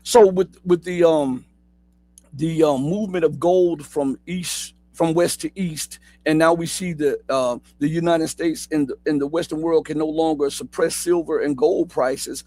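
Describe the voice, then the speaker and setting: A man hosts a live stream interview and asks long, halting questions. His voice is slightly high and sounds dry and close. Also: fairly even intonation, warm tone, dry recording. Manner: halting questions with many fillers and restarts. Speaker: host.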